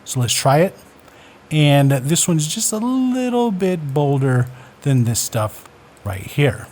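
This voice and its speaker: A man's voice: fairly high pitch, sing-song, takes it slowly, a little mellow. A man hosting a casual screen-recorded coding lesson, thinking aloud with fillers and self-corrections as he works. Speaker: coding tutorial host.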